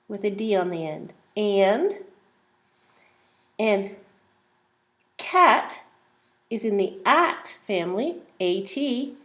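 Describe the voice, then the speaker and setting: A woman teacher reading a simple phonics book aloud to young children, sounding out words and asking questions. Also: mid-range voice.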